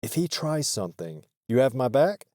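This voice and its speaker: A man voicing a strict older Greek manager, flat robotic accent attempt, curt deadpan orders, dark dry voice. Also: a little high, moderate pace, no echo. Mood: confiding. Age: 50s.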